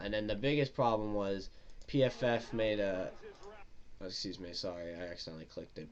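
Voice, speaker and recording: A man's voice: sits low, dull audio. A man giving a casual, profane, exasperated rant as a football fan. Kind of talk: casual ranting commentary.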